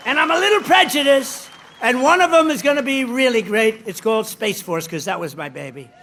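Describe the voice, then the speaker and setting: A man's voice: very high voice, expressive, a little fast, sharp tone, some chatter behind, slight background noise. A man giving a rally speech in a rambling, boastful, digressive way. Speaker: politician addressing a rally.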